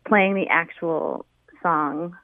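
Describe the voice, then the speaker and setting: A woman's voice: lowish voice, slow pace. A woman calling a radio show, bubbly and chatty, full of "like" and "um", heard over a phone line. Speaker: caller. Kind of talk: phone-in chat.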